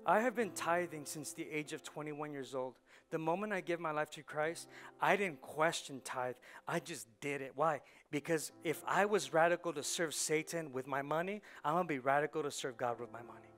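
A man, a pastor, preaching a sermon with rhetorical questions that build to shouting. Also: on the high side, moderate pace, faint music behind.

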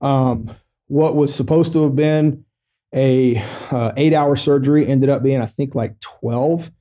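A middle-aged military veteran telling a personal story in a podcast interview, joking matter-of-factly about serious things, loose and halting with lots of fillers. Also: male voice, medium pitch, mellow. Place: podcast studio.

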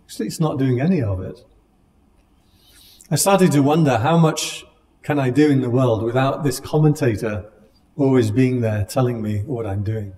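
Speaking at a moderate pace in a mid-range voice, a male meditation teacher leads his class through a relaxed, conversational dharma talk. His tone is mellow and soft around the edges, lightly humorous, and the room adds a long hall reverb that lingers.

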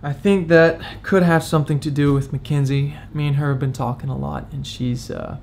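Gravelly-voiced young man, candid and emotional. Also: on the high side, fairly even intonation, moderate pace, darkish tone, slight background noise. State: close to tears. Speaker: vlogger. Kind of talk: confessional vlog.

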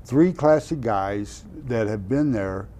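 Taking it slowly in a lowish voice, an older Oklahoma man who once played football tells animated interview stories and laughs at himself. Slight background noise sits under the recording.

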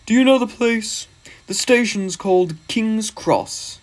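A man's voice: high voice, slow, voice pushed up. A man voicing a proud, grumpy big male steam engine in a storybook reading, cross and boastful.

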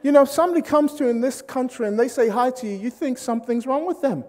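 With a very high voice and a quick pace, a British man from Britain preaches a comic sermon in British English. He's animated, acting out quoted voices in his funny stories and joking with the congregation, all under a long hall reverb.

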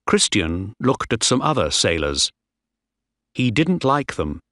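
A man narrating a graded-reader audiobook in a slow, clear storytelling manner. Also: fairly low pitch, sing-song, pushed and bright, dry recording, clean studio sound.

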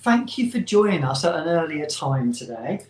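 Low-voiced woman chatting on a live stream. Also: big pitch swings, normal speed, a little mellow. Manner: chatty, greets viewers, drinking wine. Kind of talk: casual live-stream chat. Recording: echoey room.

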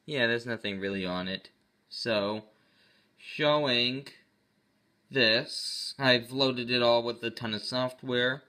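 A man's voice: mid-range voice, slow, bright, forceful tone. A man hosting his own tech channel, talking casually through a computer walkthrough with an offhand, rambling manner, often correcting himself mid-sentence.

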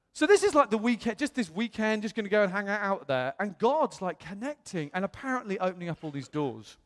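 British male pastor, lively storytelling sermon, slightly high voice, long church-hall reverb. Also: a little fast, few pauses. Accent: British English. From England. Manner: animated storyteller, acts out quoted voices. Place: church auditorium.

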